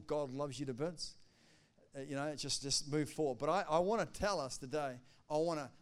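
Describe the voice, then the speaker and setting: A male pastor preaching a sermon, animated, acting out quotes and swinging between loud declarations and hushed asides. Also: a little high, clean tone.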